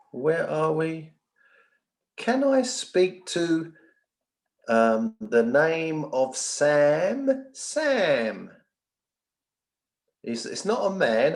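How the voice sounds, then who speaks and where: Male medium giving readings, slightly high voice, echoey home room, keeps asking if you follow. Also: a little mellow. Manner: chatty, checks in with the sitter often. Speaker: spiritual medium. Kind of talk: giving readings at a spiritual service.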